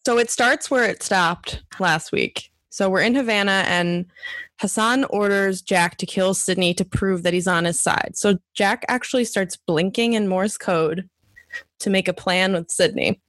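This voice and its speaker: A woman's voice: mid-range voice, unhurried, fairly bright tone, no echo. A woman with a strong regional American accent, co-hosting a podcast and chattily recapping a TV episode with lots of giggles. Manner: giggly, chatty, self-interrupting. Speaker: podcast co-host. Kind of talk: casual chat, recapping a TV episode.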